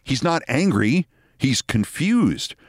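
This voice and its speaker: A man's voice: medium pitch, sing-song, slow pace. An American man in his sixties hosts a show and tells a story in a wry, theatrical manner. His voice rises and falls all over the place. The sound is dry and close, with no room echo. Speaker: host. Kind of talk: storytelling monologue.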